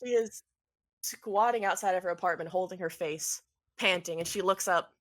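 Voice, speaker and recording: A woman's voice: fairly low pitch, normal speed. A woman narrating a tabletop game as game master, casual, with fillers.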